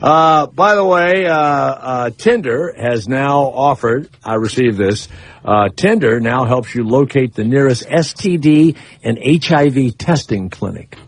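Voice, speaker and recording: A man's voice: medium pitch, a little slow, dry recording. A man hosting a radio show, chatting casually in a loose, rambling, crude way with plenty of fillers and restarts. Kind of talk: casual on-air banter.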